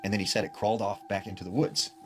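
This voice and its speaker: A man with a fairly low voice tells a spooky story in a loose, chatty way, leaning on filler words as he passes along what someone told him. Clear music plays underneath the whole time. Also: fairly even intonation, quick pace, fairly bright tone. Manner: retells secondhand, with many fillers like "like" and "you know". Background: background music.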